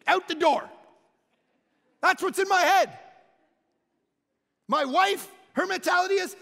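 A middle-aged male pastor, preaching a sermon with animated storytelling and loud bursts of self-mocking humor. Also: very high-pitched, moderate pace, creaky, long pauses. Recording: reverberant hall.

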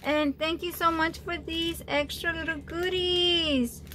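A woman chatting casually while opening mail on a home craft vlog, gushing and excitable with frequent exclamations. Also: very high voice, slow pace, slight background noise. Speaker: craft vlogger opening birthday challenge mail. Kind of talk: casual unboxing chat.

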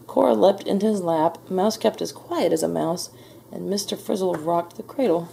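A woman reading a children's picture book aloud in a gentle, measured storytelling manner. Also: on the low side, vocal fry, a little hiss or hum. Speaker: storybook reader. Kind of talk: children's read-aloud narration.

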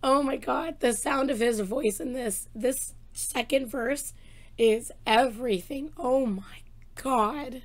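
A woman hosting a music reaction video, excitable and gushing, her voice a bit rough, talking at home. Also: sits high, slow, a little hiss or hum. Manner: gushing, excitable, exclaims often. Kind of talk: casual reaction commentary. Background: faint song playing.

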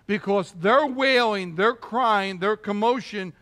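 Brief: male pastor with a high-set voice, emphatic sermon delivery that keeps asking the congregation "all right?". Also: slow, fairly bright tone. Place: church.

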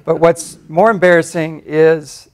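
A man in his fifties from Tennessee with a Southern accent, giving a relaxed, self-deprecating personal talk as a faculty speaker. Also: a little high, a little slow. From Tennessee, USA. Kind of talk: personal talk at a campus forum.

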